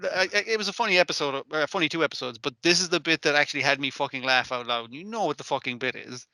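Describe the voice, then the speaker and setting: A man co-hosting an anime podcast, chatting casually with lots of swearing and acting out scenes in quick asides. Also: fairly high pitch, no room sound. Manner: profane, animated, acts out characters in quick asides. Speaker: podcast co-host. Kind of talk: casual chat recapping an anime.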